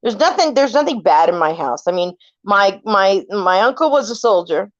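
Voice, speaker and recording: A woman's voice: medium pitch, moderate pace, no echo. A woman in her forties from California, casually telling family ghost stories and acting out what people said. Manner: animated, acts out quoted voices, swears casually. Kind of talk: casual storytelling chat. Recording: dull lo-fi recording.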